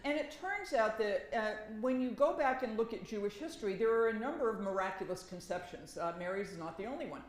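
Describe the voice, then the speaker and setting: Wry, animated woman telling stories on a panel. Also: mid-range voice, a little fast, hardly any pauses, reverberant, rough recording. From Massachusetts. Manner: animated, wry storytelling with emphatic repetition. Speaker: professor and panelist. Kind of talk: conversational academic talk.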